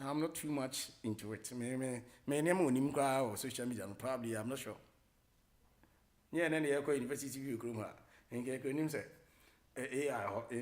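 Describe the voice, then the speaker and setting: A middle-aged man with a Ghanaian accent hosting a radio talk show, rambling casually, mixing English with Twi and filling pauses with many hesitations. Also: mid-range voice. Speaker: radio host.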